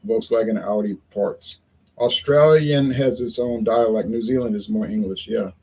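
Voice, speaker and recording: Gravelly, husky man rambling casually. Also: lowish voice, moderate pace, highs cut off. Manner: rambling, conversational, folksy. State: sweating in the heat. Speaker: beer review vlogger. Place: home in Toronto, windows open.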